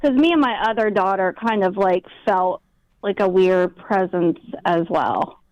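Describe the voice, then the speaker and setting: Slow, hesitant middle-aged woman caller. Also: mid-range voice, lively intonation, a little mellow, no room sound, dull audio. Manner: hesitant, halting.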